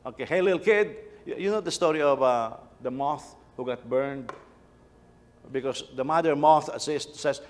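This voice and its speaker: A man's voice: medium pitch, moderate pace. Man preaching in an echoing hall. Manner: conversational, repeats words, tells family anecdotes. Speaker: pastor. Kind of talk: sermon. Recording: long reverb of a church hall.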